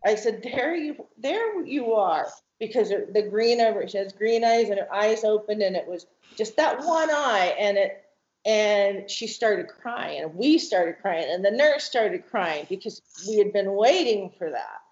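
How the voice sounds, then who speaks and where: A woman's voice: medium pitch, animated, unhurried, darkish tone. Woman telling a testimony in a roomy lo-fi recording. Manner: vivid retelling that acts out quoted voices, with restarts. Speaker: guest, mother telling her family's story. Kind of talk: emotional personal testimony. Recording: roomy, dull lo-fi sound.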